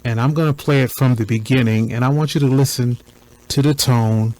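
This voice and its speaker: A man with a mid-range voice talks through a recording point by point. His delivery is deliberate and preacher-like, with repeated phrases for emphasis. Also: medium pitch, steady tone, darkish tone, poor audio. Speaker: commentator. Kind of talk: commentary on a recording.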